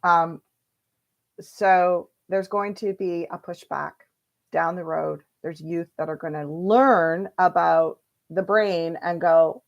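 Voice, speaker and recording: A woman with a slightly low voice gives a livestream tarot reading at an unhurried, drawn-out pace. She is chatty and animated, laughs often, and slips into playful voices when she quotes people. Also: vocal fry, dull audio. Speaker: tarot reader.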